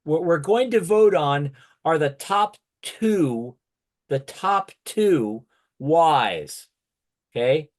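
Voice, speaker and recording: Man leading an online workshop on a video call; unhurried, a touch high-pitched, steady, fills with "okay". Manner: steady, peppers speech with "okay". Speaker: workshop facilitator.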